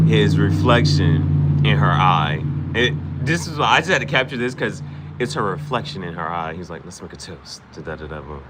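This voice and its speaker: A man's voice: lowish voice, heavy background noise. A man hosting an anime reaction channel, recapping an episode in a rambling casual way, repeating himself and quoting characters in slang.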